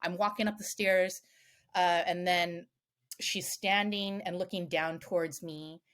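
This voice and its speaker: A woman, a self-defense coach on a podcast, tells a story in a lively, casual way, swearing freely and filling her speech with "like". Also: lowish voice, unhurried. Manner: animated, swears freely, many "like" fillers.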